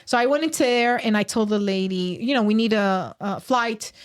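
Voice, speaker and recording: With a smooth, medium-pitched voice at a normal speed, a woman recounts a personal story as a podcast guest. She tells it with feeling and animation, imitating the people whose words she repeats.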